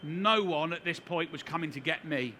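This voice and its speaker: A man's voice: fairly high pitch, moderate pace, bright, forceful tone, slight background noise. A middle-aged man giving a seminar talk, telling a story to a live audience with wry, self-deprecating humor. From United Kingdom. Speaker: seminar speaker. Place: conference hall.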